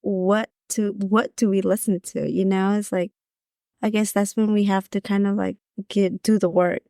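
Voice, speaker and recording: A woman's voice: mid-range voice, flat delivery, moderate pace, vocal fry, warm tone, dry recording, clean studio sound. A woman who is a guest on a spiritual podcast, thinking aloud in a searching way as she talks. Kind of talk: casual spiritual conversation.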